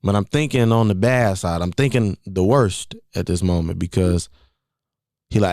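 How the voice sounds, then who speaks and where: A man's voice: deep voice, moderate pace, a little mellow, dry recording, studio quality. A man in his twenties hosting a podcast, telling a personal story in a casual, conversational way and often repeating phrases as he goes. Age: 20s. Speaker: podcast host.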